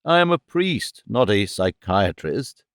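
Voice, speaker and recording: A man voicing a mild, calm Anglican clergyman who speaks slowly and with measure. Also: lowish voice, clean tone, dry recording, clean studio sound.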